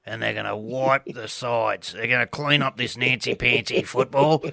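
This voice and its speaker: A man's voice: mid-range voice, steady tone, normal speed, vocal fry, pushed and bright, no echo. A man with an Australian accent co-hosting a comedy sports radio show, full of blokey, boastful old-timer bluster. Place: radio studio.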